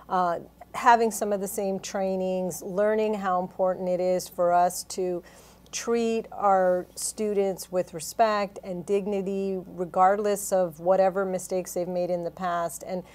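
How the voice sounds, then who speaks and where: A woman's voice: lowish voice, a little mellow. A woman interviewing a guest, speaking earnestly, telling stories and leaning on fillers and repeated words. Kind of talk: interview conversation.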